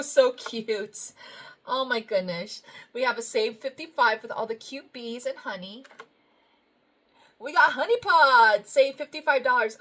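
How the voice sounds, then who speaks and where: A woman's voice: a little high, a bit bright. A woman budgeting vlogger chatting casually as she opens happy mail, gushing and effusive, full of thank-yous and little laughs.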